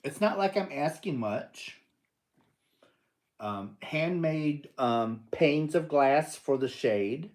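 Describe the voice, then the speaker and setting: Unhurried older man hosting a playful live chat. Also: fairly high pitch, lively intonation. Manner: playful teasing, laughs often. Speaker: livestream host. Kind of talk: casual live-stream chat answering viewers.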